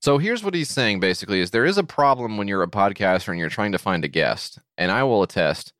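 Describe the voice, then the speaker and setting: A man's voice: on the low side, animated, fast talker, fairly bright tone, no echo, studio quality. A man co-hosting a podcast, riffing sarcastically and reading items aloud in casual chat. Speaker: podcast co-host.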